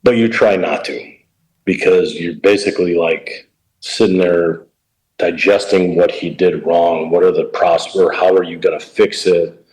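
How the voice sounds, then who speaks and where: A man's voice: low-pitched, steady tone, measured pace, a little mellow, low-quality recording. A middle-aged man, a professional baseball coach, talking casually in an interview and telling coaching stories in a plain-spoken way. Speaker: pro baseball coach, guest.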